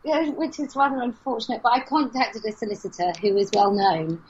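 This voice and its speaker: A woman's voice: fairly high pitch, fairly even intonation, brisk, darkish tone, slight background noise. Give me a woman, an interview guest, recounting events frankly over muffled lo-fi audio. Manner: frank, storytelling. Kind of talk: casual conversation. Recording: dull lo-fi podcast audio.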